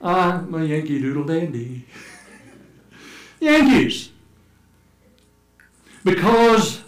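A man preaching a sermon in a church, telling stories with humor and sometimes shouting out playful calls to act them out, then reading scripture aloud. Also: fairly high pitch. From United States. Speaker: pastor. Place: church sanctuary. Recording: echoey church room.

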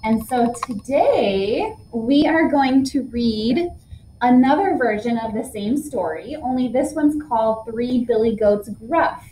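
A woman teacher reads a storybook aloud to her class and talks it through with them afterwards. Her voice sits a little high, and her reading is clear and expressive. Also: takes it slowly, a little hiss or hum, low-quality recording.

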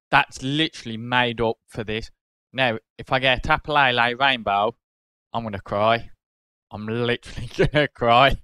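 A British man hosting a card-opening video, casually calling out each card and getting excited over good pulls. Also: mid-range voice, clear, resonant tone, no echo, studio quality. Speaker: card-opening channel host.

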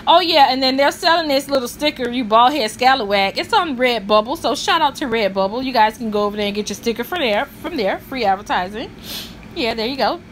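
A woman's voice: a little high, fairly bright tone, a little hiss or hum. Chatty gossiping woman vlogger. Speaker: vlog host. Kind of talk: casual gossip commentary.

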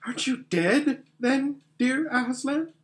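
A man voicing an emotional young girl in a storybook reading, pitched high and breathless. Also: animated, slow, full character voice. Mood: tearful joy. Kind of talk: audiobook character voice.

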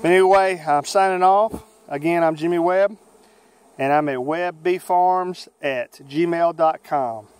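Southern-accented beekeeper, folksy, with buzzing bees. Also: male voice, a little high, darkish tone, clear, resonant tone. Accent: Southern American. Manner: folksy, unhurried, many "uh" fillers. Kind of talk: outdoor how-to video. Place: outdoor bee yard.

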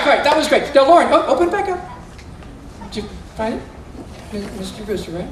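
A man with a very high, very animated voice performs as a magician for a school audience, talking a little fast and leaving long pauses. With playful, theatrical stage patter, he coaxes young volunteers through mind-reading tricks in an indoor school room or gym. The room is echoey, his voice sounds far off, and there's slight background noise.

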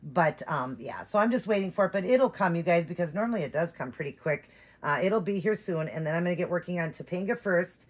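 A woman's voice: on the low side, animated, fairly quick. A woman hosting her channel, chatting casually and rambling, with many fillers and restarts. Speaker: doll-collecting channel host. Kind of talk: casual chat.

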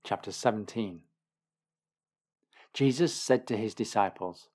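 Man giving steady scripture narration. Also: on the low side, unhurried. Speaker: Bible reader.

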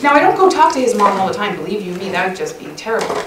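A middle-aged woman giving a lively, chatty talk at a women's church conference session, often laughing and acting out little quoted lines. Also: mid-range voice, very fast, noisy background. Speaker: conference speaker. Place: church hall. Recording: echoey church hall recorded from far off.

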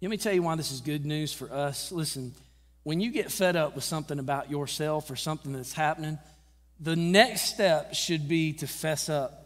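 A man preaching a sermon as pastor, casual and conversational, slowing down for emphasis and acting out Bible quotes. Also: fairly high pitch, a bit bright, long reverb tail. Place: church sanctuary.

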